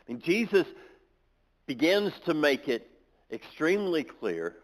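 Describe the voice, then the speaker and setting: A man's voice: on the high side, big pitch swings, measured pace, pauses often, low-quality recording. Man preaching and reading scripture. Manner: reads scripture aloud then explains it, with restarts. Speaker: pastor. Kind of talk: sermon. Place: church.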